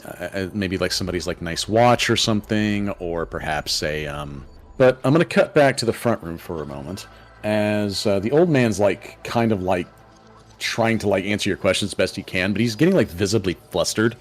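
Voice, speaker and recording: A male game master narrating a tabletop game in a halting, filler-heavy way. His pitch sits a little low but moves about a lot, and faint music plays underneath. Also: expressive. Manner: hesitant, full of fillers.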